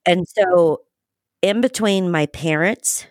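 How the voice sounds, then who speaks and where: A woman's voice: on the low side, takes it slowly, no echo, studio quality. A woman hosting a podcast, chatting frankly and casually, with casual swearing. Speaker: podcast host.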